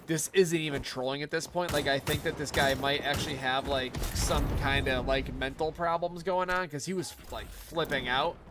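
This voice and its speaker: A man's voice: on the high side, steady tone, normal speed, few pauses, over music. A man streaming a game, telling a long story in rambling, profane casual commentary. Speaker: gaming streamer. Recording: gameplay with clear gunfire behind. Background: game gunfire.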